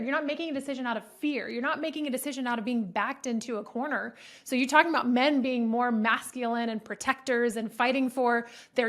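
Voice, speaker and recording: A woman hosting an interview, speaking earnestly and personally, with emotion in her voice. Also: a little high. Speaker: host. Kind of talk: interview conversation.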